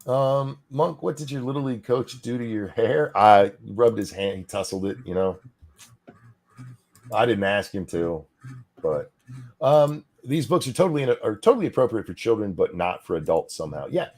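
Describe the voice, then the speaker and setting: Man, podcast co-host, gravelly, husky, lively swinging pitch, profane sarcastic rant. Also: normal speed. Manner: profane, sarcastic, heated ranting.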